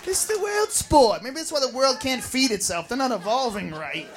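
An American man doing a profane, shouting stand-up rant, recorded live in a comedy club. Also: extremely high pitch, animated, moderate pace. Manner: profane, shouting, mocking voices. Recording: live club with crowd and noise.

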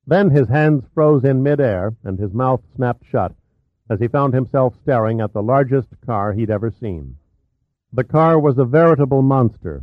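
A man narrating a thriller audiobook in an even, measured storytelling manner. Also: medium pitch, dry recording. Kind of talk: scripted narration. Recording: tinny phone-like, dry.

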